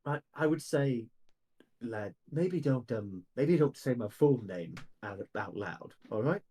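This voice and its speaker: A woman's voice: a bass voice, expressive, slow pace, mellow, slightly rough, pitched below the performer's own voice, exaggerated voice. A woman voicing a fussy male shopkeeper and tinkerer who talks in a chatty, hesitant, friendly way. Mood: cautious.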